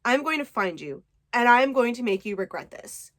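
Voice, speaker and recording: A woman's voice: a little high, sing-song, moderate pace. A woman voicing a snarky, fiery young woman. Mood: indignant. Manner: sarcastic, swearing, exasperated. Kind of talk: book summary with acted quotes.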